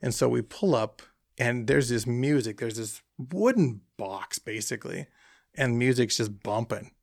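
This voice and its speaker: Gravelly man telling a wild story. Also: medium pitch, unhurried, dry recording, studio quality. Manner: animated anecdote with quoted dialogue. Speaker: hunting trip guest telling a story. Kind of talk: casual storytelling.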